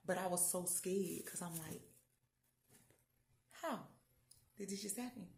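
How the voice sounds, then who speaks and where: Chatty woman with a gravelly voice. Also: medium pitch, normal speed, pauses often. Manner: animated, chatty, leaps between loud and hushed. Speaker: vlogger. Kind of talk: casual storytelling about faith. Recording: echoey room.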